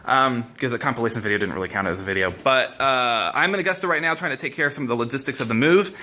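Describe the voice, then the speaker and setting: A shaken young man talks to his camera in a loose, casual vlog, his voice sitting at an ordinary middle pitch. He swears freely and keeps breaking off and restarting sentences. The upset shows through his easy delivery. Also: very fast, pushed and bright. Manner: emotional, swearing, many restarts and fillers. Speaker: vlogger. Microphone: camera mic, face-to-face video.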